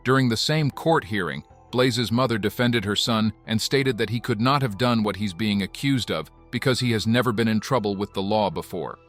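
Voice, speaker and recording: A man narrates a documentary in a steady, measured tone. His voice sits a little low, and his delivery stays even and deliberate. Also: faint music behind. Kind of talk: scripted narration.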